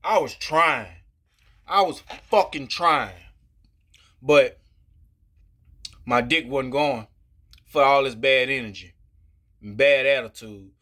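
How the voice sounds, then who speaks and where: A man talking to camera in a casual, profane rant, frustrated and rambling, filling every pause with "you know" and restarting his sentences. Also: medium pitch, bright, forceful tone. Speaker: vlogger. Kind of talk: casual ranting monologue.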